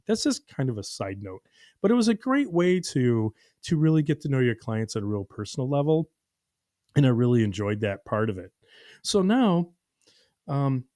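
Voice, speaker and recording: A man's voice: mid-range voice, dry recording, studio quality. A man hosting a podcast who tells stories casually, acting out dialogue and using lots of fillers. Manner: animated, acts out dialogue, many fillers. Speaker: podcast host. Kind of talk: casual storytelling.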